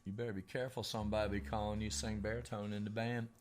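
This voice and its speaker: A man's voice: lowish voice, little pitch movement, fast talker. Man, casual podcast co-host, loose rambling talk, frequent laughter, swears a lot. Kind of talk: casual chat.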